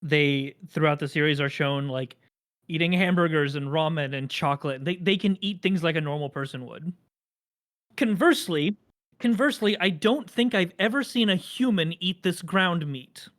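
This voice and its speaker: Podcast host, talks at a middling pitch, meanders through long explanations, dry humor. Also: normal speed, a bit bright. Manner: rambling, enthusiastic explainer with dry jokes. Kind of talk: casual podcast chat.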